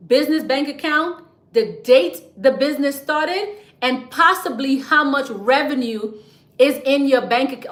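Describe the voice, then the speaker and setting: A woman hosts a casual livestream teaching viewers about business credit, chatty and playful, laughing often. Her voice is high and bright, she whispers when sharing tips, and the room sounds echoey.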